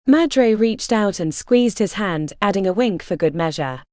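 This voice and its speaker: Expressive woman audiobook narrator. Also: medium pitch, a little slow, hardly any pauses, no room sound, studio quality. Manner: expressive storytelling. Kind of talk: scripted fantasy narration.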